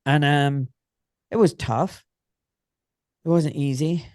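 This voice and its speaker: A man's voice: fairly high pitch, slow pace, darkish tone, dry recording. Scottish man telling stories, dry sound. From Scotland. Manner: rambling, many filler phrases. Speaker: guest, orthopaedic surgeon. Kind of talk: casual storytelling interview.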